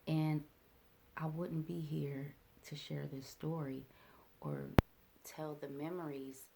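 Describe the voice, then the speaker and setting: A woman speaks slowly in a low, gravelly voice with a mellow, dark tone. She tells a personal story in a reflective, halting way, pausing on fillers and restarting her sentences. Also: little pitch movement. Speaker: vlogger.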